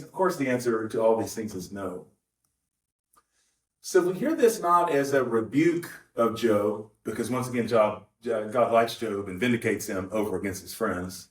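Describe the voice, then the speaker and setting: A man's voice: lowish voice, expressive, moderate pace. A man preaching a conversational sermon, rambling with asides and self-corrections. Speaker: pastor. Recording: roomy, distant mic.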